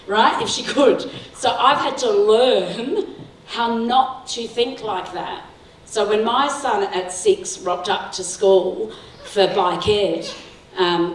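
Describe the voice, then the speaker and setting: A woman's voice: medium pitch, unhurried, a little hiss or hum. Woman, middle-aged, talk to parents, chatty storytelling, frequent laughs, echoey hall, faint room ambience. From Sri Lanka. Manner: warm storytelling, laughs often, asks the audience "right?". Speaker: guest speaker. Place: school hall. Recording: echoey hall, mic heard from a distance.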